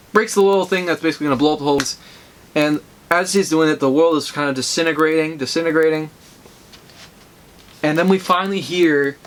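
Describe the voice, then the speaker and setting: A man casually reviewing a comic, retelling the story in an excited, rambling way with many fillers. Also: a little high.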